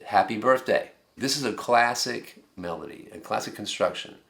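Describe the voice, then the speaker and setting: A man's voice: lowish voice, moderate pace, creaky, fairly bright tone. A middle-aged man teaching a songwriting workshop, talking in a conversational way and explaining with examples at the piano. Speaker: songwriting instructor. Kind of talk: lecture with piano demonstrations.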